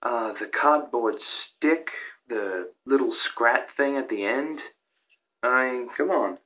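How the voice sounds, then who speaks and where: Young aussie guy going on about his own vids, excitable, keeps restarting, kinda dull lo-fi sound. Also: medium pitch, slow. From Australia. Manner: rambling and excitable, with many restarts and fillers. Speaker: YouTuber presenting a countdown of his own videos. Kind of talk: casual vlog commentary.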